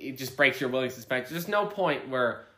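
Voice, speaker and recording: A man's voice: mid-range voice, lively intonation, brisk, fairly bright tone. A man co-hosting a podcast, chatting casually about a movie in a rambling, profane way with many restarts. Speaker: podcast co-host. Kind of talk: casual movie-review chat. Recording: roomy echo.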